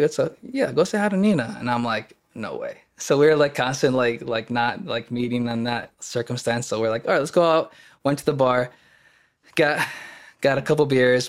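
Young man telling a story, rambling. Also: medium pitch. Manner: rambling, many fillers and restarts, acts out quoted voices. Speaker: podcast guest, actor. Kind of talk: casual storytelling in conversation.

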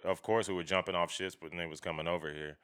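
A man with a low voice speaks in a bright, clear tone. He talks casually and bluntly, swearing freely. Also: quick pace. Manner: blunt, profane, animated storytelling. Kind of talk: casual chat.

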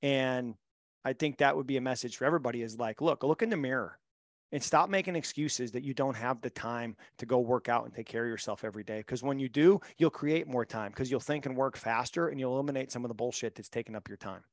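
A man's voice: mid-range voice, fast talker, no echo, clean studio sound. A middle-aged man and mental performance coach, telling stories in a podcast interview with a blunt, emphatic, motivational manner.

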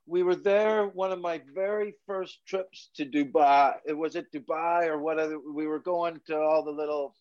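A man's voice: a little high, steady tone, normal speed, few pauses, a little mellow, dry recording. A man as a podcast guest in casual chat, crude and laughing often, calling people "man.". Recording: dry, muffled lo-fi recording.

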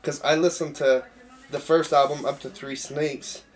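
A man's voice: fairly high pitch, little pitch movement, moderate pace. A man hosting a podcast, chatting casually about music and rambling through stories, swearing now and then. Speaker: podcast host.

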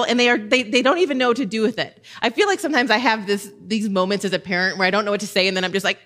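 Animated woman teaching a Bible passage. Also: on the high side, fast talker. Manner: animated storytelling, acts out quotes, laughs easily.

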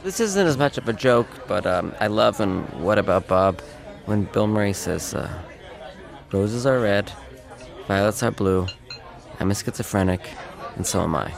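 Gravelly man over crowd chatter. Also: fairly low pitch, expressive, normal speed.

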